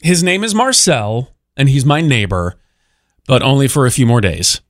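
A man's voice: mid-range voice, animated, normal speed. A man hosting a morning radio show, telling a fond story in a chatty, casual way.

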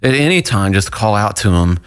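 A man co-hosting a Christian radio show, talking in a halting, earnest way and stammering a bit as he shares his own experience. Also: lowish voice, lively intonation, fairly bright tone, smooth. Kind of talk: casual devotional chat.

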